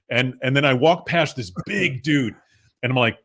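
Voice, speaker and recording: A man's voice: mid-range voice, fairly quick, slightly rough. A middle-aged man, a podcast guest, telling casual anecdotes with frequent laughter. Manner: animated storyteller, laughs often.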